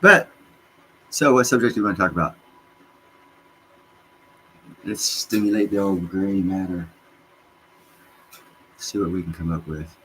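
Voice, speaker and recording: A man with a very deep voice answers his livestream chat slowly, leaving long pauses, yet still gets fired up, cursing freely and drifting across topics. It's a casual stream on low-quality audio with a faint hiss underneath.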